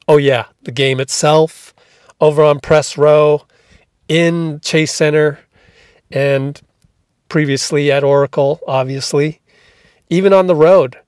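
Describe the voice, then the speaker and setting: A man's voice: on the high side, little pitch movement, slow pace, a little mellow, clear, resonant tone, no room sound, studio quality. A man hosting a podcast intro in an upbeat radio voice, talking with punchy energy as a sports beat reporter. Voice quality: put-on radio voice. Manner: upbeat, punchy hype delivery.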